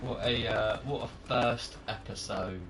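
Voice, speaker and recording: A man's voice: on the low side, fairly even intonation, unhurried, vocal fry, distant mic, noisy background. A man hosting a casual podcast, rambling and laughing often between crude jokes. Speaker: podcast host. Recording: loud music behind voice.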